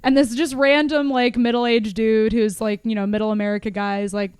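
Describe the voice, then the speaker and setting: Clear-voiced woman co-hosting a podcast. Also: fairly high pitch, little pitch movement, fairly quick, darkish tone, no room sound, clean studio sound. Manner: chatty, laughs often, self-deprecating. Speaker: podcast co-host. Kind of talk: casual film review chat.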